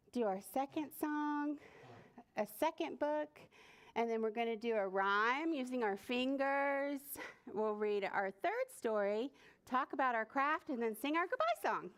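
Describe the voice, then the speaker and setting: Bright-pitched, expressive young woman, a librarian leading a preschool story time with a cheerful sing-song lilt. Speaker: children's librarian.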